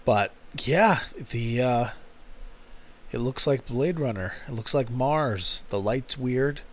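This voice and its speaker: A man's voice: mid-range voice, slow pace. A man hosting a music podcast, chatting casually in a rambling, profane way with frequent fillers. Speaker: podcast host. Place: home in a smoky city.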